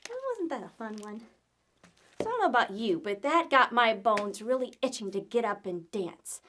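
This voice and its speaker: Storytime librarian, woman, high bright voice full of swoops, playful. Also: moderate pace. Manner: animated, playful, addresses children. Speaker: children's librarian. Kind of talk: children's storytime reading. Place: public library.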